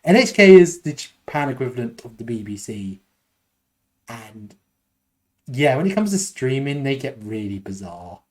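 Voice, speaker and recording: A man's voice: medium pitch, big pitch swings, normal speed. Rambling self-deprecating British man. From United Kingdom. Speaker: podcast co-host. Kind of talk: casual chat.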